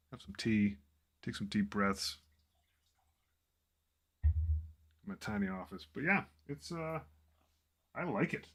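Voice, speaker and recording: Gravelly man muttering while painting. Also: lowish voice. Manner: relaxed, thinking aloud, self-deprecating. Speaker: miniature painting hobbyist. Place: small home office.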